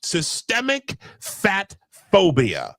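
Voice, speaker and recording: A man with a fairly high voice hosts a casual podcast, reading quotes and breaking in with sarcastic, profane remarks. He stumbles and restarts his sentences often. The sound is dry and close, with no room echo. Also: wildly swooping pitch, very slow, vocal fry, a bit bright. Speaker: podcast host. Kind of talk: casual podcast chat, reading documents aloud.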